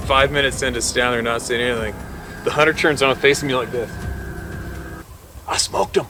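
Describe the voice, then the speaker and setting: A hunting guide tells a close call with plenty of energy, laughing and acting out the gunshots. His voice sits at an ordinary male pitch. Music plays clearly underneath the whole story. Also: steady tone, fairly quick. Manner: vivid storyteller, laughs often, mimics shots and whispers. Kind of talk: animated storytelling.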